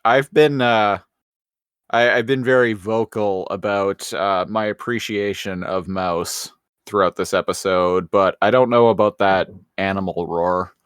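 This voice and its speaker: A man co-hosting a podcast in casual chat, halting and sheepish, laughing easily. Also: lowish voice, fairly even intonation, clear, resonant tone, dry recording, studio quality. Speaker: podcast co-host.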